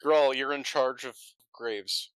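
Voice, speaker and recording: A man's voice: medium pitch, a little slow, fairly bright tone, smooth, no room sound. A man playing a tabletop role-playing game, making joking asides. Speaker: tabletop player.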